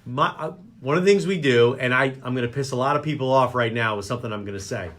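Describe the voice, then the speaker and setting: A man's voice: mid-range voice, fast talker, a bit bright. A man hosting a local radio talk show, joking and rambling. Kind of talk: casual chat show banter.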